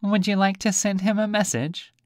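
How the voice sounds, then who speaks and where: A man voicing a chatty, polite silverfish in a storybook reading, speaking high and genteel. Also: steady tone, normal speed, a little mellow, no echo, clean studio sound, natural voice.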